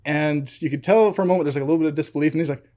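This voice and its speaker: A man's voice: on the high side, rapid-fire, darkish tone. A man co-hosting a podcast, telling a story in casual chat, acting out quotes and laughing often. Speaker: podcast co-host.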